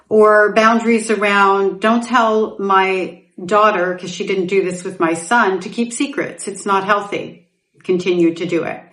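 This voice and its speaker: A middle-aged woman hosting a podcast, telling her personal story candidly and growing animated, with laughs through painful memories. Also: mid-range voice. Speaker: podcast host. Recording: roomy echoing room.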